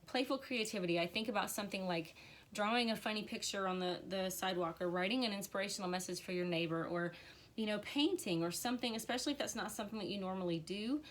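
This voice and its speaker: A woman in a live-streamed tarot reading, talking to her viewers with earnest encouragement. Her voice sits in an ordinary middle range, and her heartfelt, emotional delivery gives the reading its warmth. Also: medium pitch, quick pace. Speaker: tarot reader.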